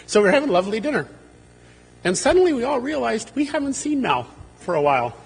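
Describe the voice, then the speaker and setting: A man's voice: very high voice, fast talker, creaky, long reverb tail, slight background noise. A man giving a humorous, anecdotal eulogy for a friend and colleague at a memorial service, livening his stories by acting out what people said. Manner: humorous, animated when quoting others.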